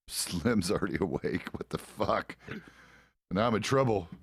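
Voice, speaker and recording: A middle-aged man with an American accent and a very deep voice talks in a loose, swearing, easygoing way, laughing between remarks. The sound is dry and close, with no room around it. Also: expressive, slow, husky, no echo. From United States. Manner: profane, laid-back, chuckles often. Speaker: roleplay streamer. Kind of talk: casual chat while roleplaying a game.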